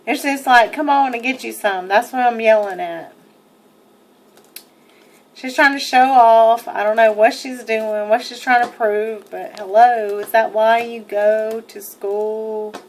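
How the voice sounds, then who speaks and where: A woman's voice: fairly high pitch, steady tone, slow pace. A young woman giving an indignant, emphatic first-person account while narrating over video, swearing freely. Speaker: person narrating her own arrest footage.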